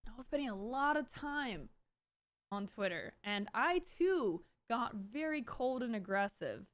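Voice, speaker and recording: A woman in her thirties streaming live, talking casually in a rambling, animated way with many restarts and bursts of exasperation. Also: on the high side, unhurried, no echo. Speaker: Twitch streamer hosting her own stream. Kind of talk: casual livestream commentary.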